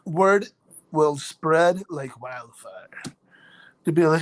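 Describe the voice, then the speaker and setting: A live stream host with a slightly high voice talks slowly, leaving long pauses. He names viewers as they come in, jokes at his own expense, and laughs between lines.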